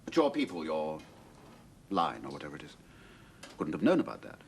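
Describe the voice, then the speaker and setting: An actor playing a cynical middle-aged writer and war veteran, who talks in a measured, philosophical way. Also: male voice, very deep voice, very animated, vocal fry, a little hiss or hum, full character voice. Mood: wary. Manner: measured, world-weary, philosophical. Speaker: host sheltering a stranger.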